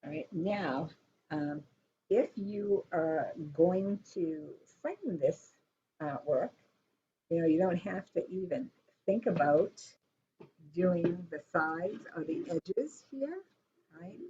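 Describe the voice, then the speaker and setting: A woman teaching a dot painting class who talks in a relaxed, rambling, reflective way with many fillers. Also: on the low side, takes it slowly. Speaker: art instructor. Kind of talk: relaxed painting tutorial talk. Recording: dull lo-fi sound with faint noise.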